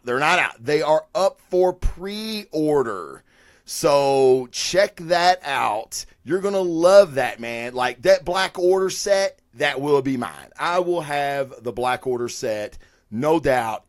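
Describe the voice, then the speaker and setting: A man's voice: on the high side, lively intonation, takes it slowly, no echo, studio quality. A man hosting a weekly live review show, talking casually in a rambling, profane way with lots of fillers and restarts. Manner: rambling, chatty and profane, with frequent fillers and self-corrections. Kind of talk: casual live-stream talk.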